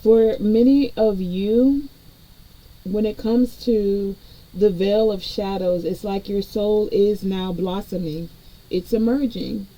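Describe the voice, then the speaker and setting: A woman's voice: medium pitch, slow pace, dark tone, poor audio. A woman energy reader giving a collective spiritual reading in a conversational way, talking straight to her viewers. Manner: conversational, addresses viewers directly.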